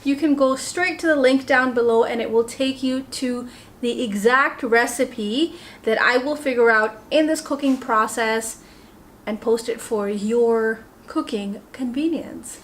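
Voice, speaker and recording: A woman's voice: high-pitched, unhurried. A young woman with an Indian accent, chatting casually to the camera while cooking in her home kitchen, self-deprecating and talkative. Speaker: home cook vlogger.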